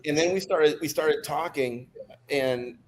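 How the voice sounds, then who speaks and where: A middle-aged man, a podcast guest, telling stories in a lively, joking way with many restarts. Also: on the high side, measured pace, slight background noise. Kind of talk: casual storytelling.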